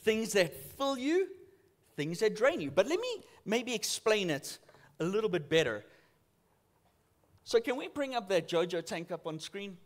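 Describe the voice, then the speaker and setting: A pastor from South Africa, his voice sitting high, preaches at a measured pace in church. He animates his stories by performing the voices.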